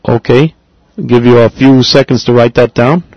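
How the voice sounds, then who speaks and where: A man teaching a language class, patiently explaining and repeating phrases slowly for his students. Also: mid-range voice, fairly even intonation, gravelly, no room sound, dull audio. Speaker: Spanish teacher.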